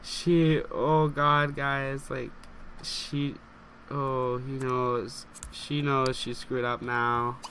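A young man giving casual let's play commentary, excitable and gasping as he reacts and talks to his viewers. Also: mid-range voice, extremely slow, slight background noise. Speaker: gameplay commentator.

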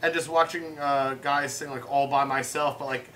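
Bright-voiced American man, casual host. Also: mid-range voice, flat delivery, normal speed, slight background noise. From United States. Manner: rambling anecdotes, many fillers. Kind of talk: casual chat. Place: home room with pets.

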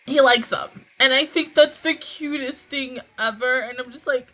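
Giggly woman gushing over an anime, bright voice, kinda high, slangy chat. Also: steady tone, moderate pace. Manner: gushing and giggly, breaks into laughter; chatty with slangy asides. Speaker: anime reaction channel host. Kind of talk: casual reaction commentary.

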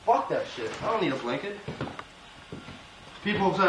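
A man's voice: high voice, sing-song, normal speed. A clothing designer in a comic mock-documentary, delivering a rambling, profane rant outdoors by his tent, calling everyone "man" and "bro". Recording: noisy outdoor recording.

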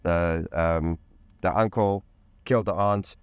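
A man with a very low, deep voice tells a personal story in an interview, recorded close and dry with no room sound. He speaks with intense emphasis, uses casual slang and swears freely. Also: fairly even intonation, slow, clean tone, no room sound, highs cut off. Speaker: podcast guest. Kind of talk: candid personal storytelling in conversation.

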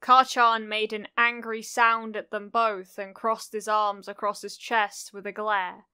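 A woman narrating a cozy fan fiction audiobook in a gentle, unhurried storytelling manner. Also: mid-range voice, level tone, clean tone, no echo, clean studio sound.

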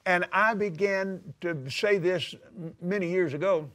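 An older man preaching a sermon, emphatic and drawing out scripture quotes slowly. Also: high voice, fairly bright tone. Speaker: televangelist preacher. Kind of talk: sermon-style teaching.

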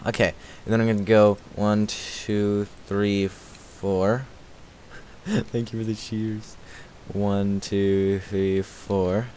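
A man streaming a game live, chatting casually with a slightly raspy voice and thanking viewers as he plays. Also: fairly low pitch, slight background noise. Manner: chatty, thanks viewers, repeats filler words. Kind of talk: casual livestream commentary while playing.

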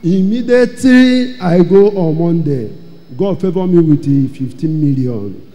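A man giving an emotional church testimony, telling his story dramatically and repeating phrases, his loudness rising and falling. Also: fairly high pitch, animated, measured pace. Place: large church hall. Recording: long hall reverb.

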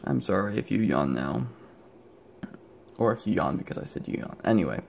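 A man's voice: sits low, sing-song, normal speed, gravelly, darkish tone, a little hiss or hum. A young man rambling casually about his electronics build, sleepy and often stopping himself mid-thought, recorded on a handheld camera at home. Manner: rambling, self-interrupting, sleepy and yawning. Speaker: electronics hobbyist vlogger. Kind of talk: rambling casual show-and-tell.

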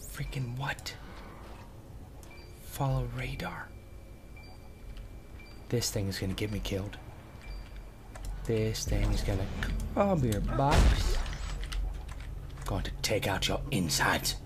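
A man giving jokey, excitable let's play commentary and talking back to the game as he plays. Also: on the low side, slow pace, pauses often, background noise. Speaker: gamer.

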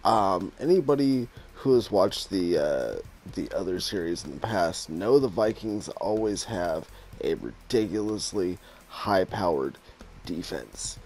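A man in his thirties commentating his own football video game, swinging from muttered asides to loud, exasperated, swearing outbursts. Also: low-pitched, expressive, a little slow, husky. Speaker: gaming YouTuber playing a football video game. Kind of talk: casual live gameplay commentary.

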